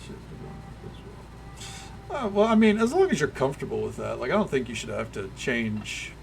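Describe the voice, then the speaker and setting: Gaming on stream, this man from Tennessee talks with viewers in a relaxed, meandering way packed with fillers, a faint Southern drawl in his speech. His voice is medium-pitched, sing-song and gravelly at a moderate pace, with a little background noise.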